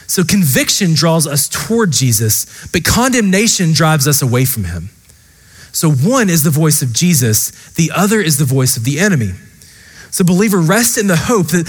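A man's voice: a little high, sing-song, normal speed, slightly rough, big-room sound. A man preaching a sermon as pastor, earnest and impassioned, speaking straight to the congregation. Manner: earnest, impassioned preaching with repeated direct address.

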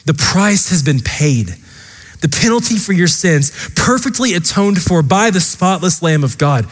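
A man's voice: high-pitched, very animated, measured pace, big-room sound. A man preaching a sermon as pastor, earnest and impassioned, speaking straight to the congregation. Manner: earnest, impassioned preaching with repeated direct address.

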